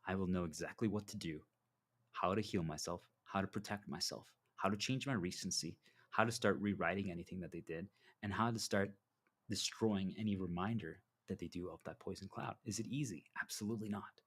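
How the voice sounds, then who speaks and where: A man's voice: low-pitched, a little fast, slightly rough. A man delivering a preachy motivational monologue as a self-styled spiritual guide, telling stories and acting out dialogue. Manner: preachy, animated storytelling with acted dialogue.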